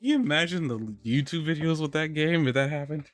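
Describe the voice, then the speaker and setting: A man's voice: fairly high pitch, a little fast, dry recording, soft background music. A man hosting a live podcast, chatting casually and rambling, restarting his sentences and laughing often. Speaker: podcast host. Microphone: studio microphone on a live stream.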